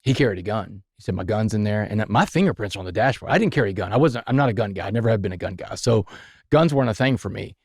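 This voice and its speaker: A man's voice: fairly low pitch, expressive, fast, darkish tone, breathy edge, dry recording, clean studio sound. A man, a podcast guest, telling his life story in a vivid, dramatic way.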